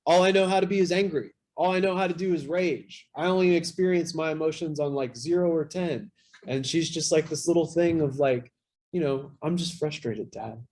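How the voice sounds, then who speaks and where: A man's voice: a little high, fairly even intonation, a little fast, a little mellow. Casual, profane man sharing candidly. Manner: casual, profane, self-deprecating, lots of fillers. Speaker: workshop speaker. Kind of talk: candid recovery share at a convention workshop.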